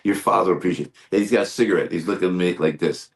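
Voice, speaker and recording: An older comedian with a low, deep voice spins a lively anecdote as a podcast guest. He talks in quick bursts with restarts and sudden impressions. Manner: animated anecdote teller, slips into impressions. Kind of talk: storytelling interview.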